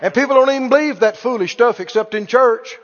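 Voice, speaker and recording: This male preacher's very high voice moves fairly quickly through an animated, forceful sermon, with key lines repeated for stress. His words echo with long reverb in a church sanctuary, captured in a dull, lo-fi recording.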